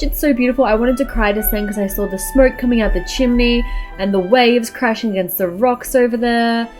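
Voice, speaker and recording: A woman's voice: mid-range voice, a little mellow. A young woman chatting casually as a gaming YouTuber, emotional and gushing as she shows off her game. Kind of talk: casual gameplay commentary.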